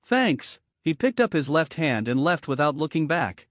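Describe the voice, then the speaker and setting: A man narrates an anime story recap in an even, steady way. His voice sits a little high. The recording is close and dry, with no room sound. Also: normal speed, no echo.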